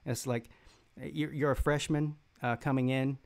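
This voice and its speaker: Southern US male stream host, rambling mocking trash talk, lots of uhs, a rough fry in the voice. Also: mid-range voice, steady tone, a little mellow. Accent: Southern American. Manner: rambling, halting, with many fillers and restarts. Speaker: sports live-stream host. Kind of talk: live-stream chat reading viewer comments.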